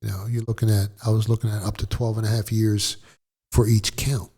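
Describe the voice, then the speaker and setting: Low husky man, profane storyteller. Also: brisk. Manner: blunt, profane, animated retelling. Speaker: interview guest. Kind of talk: casual storytelling.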